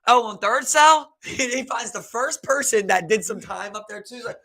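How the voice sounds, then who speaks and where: A man's voice: very high-pitched, moderate pace, dry recording. A young man with a Baltimore accent co-hosting a podcast, telling stories in slangy casual chat and acting out the people he quotes. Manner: animated storyteller, acts out quotes, slangy, swears. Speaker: podcast co-host.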